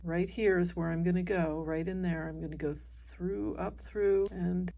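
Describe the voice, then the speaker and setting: A woman teaching an embroidery stitch step by step, talking calmly as she works by hand. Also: on the low side, normal speed, creaky, a little hiss or hum. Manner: calm, explains while stitching by hand. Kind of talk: step-by-step craft tutorial.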